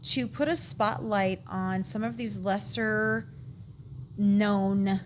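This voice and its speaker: A woman's voice: mid-range voice, steady tone, slow pace, a little hiss or hum. A woman co-hosting a podcast, chatting casually in a supportive, encouraging way. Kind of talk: casual chat.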